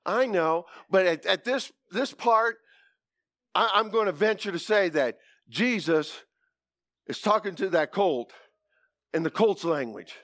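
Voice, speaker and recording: A man preaching a folksy, animated sermon, with whoops and asides to the congregation. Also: high-pitched, slow pace, long pauses, no echo, studio quality.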